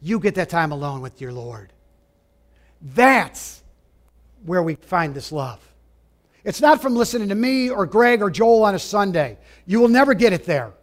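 A man preaching a sermon, emphatic, asking his listeners direct questions and dropping to a hush at times. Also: sits high, big pitch swings, a little slow. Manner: emphatic, rising and falling, drops to a hush for quoted lines; asks the audience direct questions.

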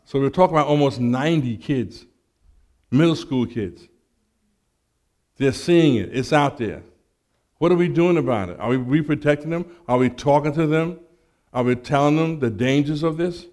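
Animated male preacher telling a story. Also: fairly high pitch, normal speed, long pauses. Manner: animated storyteller, acts out dialogue, stammers on restarts. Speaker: preacher giving testimony. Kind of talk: sermon with personal story.

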